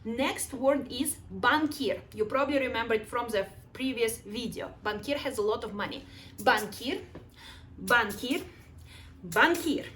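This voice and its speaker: A woman leads a vocabulary drill in a high, light voice. She draws each word out slowly and has the listener echo it three times. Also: expressive, a bit bright, a little hiss or hum. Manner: slow, drawn-out model pronunciation, coaxing the viewer to repeat. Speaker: language teacher. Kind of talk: vocabulary lesson with repetition drills.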